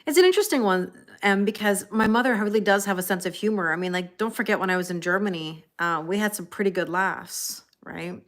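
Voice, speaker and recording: A woman's voice: mid-range voice, a little fast, few pauses, a bit bright. A woman reading tarot on a casual live stream, chatting with viewers by name and laughing often. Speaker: tarot reader.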